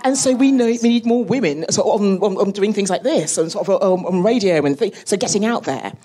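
A woman space scientist talking as a guest on a live panel, lively and laughing as she tells stories. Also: mid-range voice, a little fast, breathy edge. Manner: animated, laughing, storytelling. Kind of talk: live podcast panel talk. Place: live audience at a museum event.

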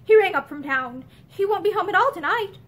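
A woman reading the lines of a steady young woman who coaxes softly. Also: very high voice, brisk, pitched above the performer's own voice. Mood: concerned. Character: steady, kindly young woman, gently concerned.

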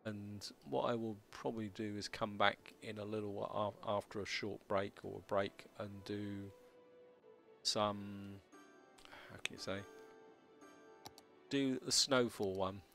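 A man hosting a city-building let's play, talking casually as he plays, with a slightly croaky voice and a halting, stammering way of speaking. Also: fairly low pitch, steady tone, fairly bright tone, faint music behind. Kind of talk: casual gameplay commentary.

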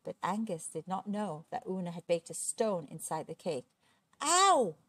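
A woman's voice: on the low side, normal speed, warm tone, breathy edge, no room sound. Woman reading a children's book aloud. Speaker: storyteller.

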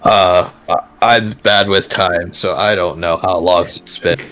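A man's voice: low voice, fairly even intonation, a little slow, pushed and bright. A man playing a tabletop game, answering in character casually. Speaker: player. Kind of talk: tabletop role-play.

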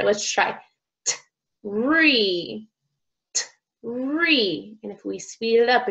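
Slow-talking woman teaching young children. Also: mid-range voice, a bit bright, rough recording. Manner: slow, exaggerated, sounding out words. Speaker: speech teacher. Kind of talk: reading a picture book aloud to children.

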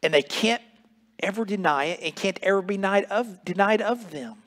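A man with a fairly high voice preaches a sermon as pastor in a church sanctuary. He drives his points with stacked repeated phrases, now and then restarting a word as he goes. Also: normal speed, a bit bright.

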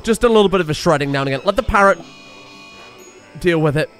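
A man giving excitable, sweary let's play commentary and yelling at the game. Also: on the high side, quick pace, soft background music. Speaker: game streamer.

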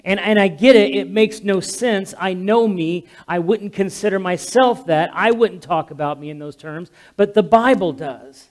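High-voiced talkative male pastor. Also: normal speed, hardly any pauses. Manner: talkative, self-described loud, frequent restarts. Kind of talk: memorial sermon. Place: church sanctuary. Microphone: amplified handheld or stand mic with monitor.

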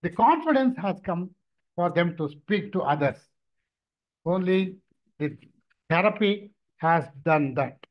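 A man, a mridangam teacher and therapist, telling stories in an animated lecture, often repeating and restarting words. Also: high voice, unhurried, pauses often. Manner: animated storytelling, frequent repetitions and restarts. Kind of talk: lecture with anecdotes. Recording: dull lo-fi recording.

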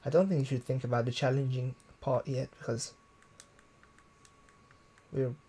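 A man's voice: mid-range voice, fairly even intonation, normal speed, warm tone, husky. A man streaming live gameplay, chatting casually, thinking aloud and reading viewer comments. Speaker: gaming streamer.

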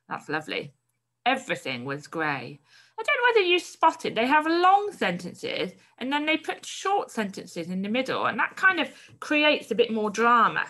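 A woman's voice: on the high side, wildly swooping pitch, normal speed, pushed and bright. A woman primary school teacher giving a recorded online lesson, reading a story aloud and encouragingly explaining its word choices.

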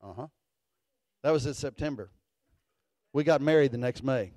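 A middle-aged man, a pastor telling a folksy story in a sermon, animated and building to fervent declarations. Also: medium pitch, normal speed, no room sound.

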